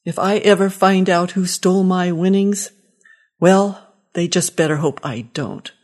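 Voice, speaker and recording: A woman's voice: fairly low pitch, unhurried, a little mellow. A woman reading the lines of a cranky, confused elderly father-in-law in a short story, indignant and fussy. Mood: grumbling.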